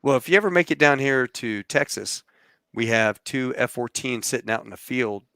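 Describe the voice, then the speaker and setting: A man's voice: medium pitch, expressive, normal speed, fairly bright tone, clear, resonant tone, dry recording, studio quality. A man hosting a podcast, telling an anecdote in a casual way and acting out the quoted voices. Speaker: podcast host. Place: lives in Texas.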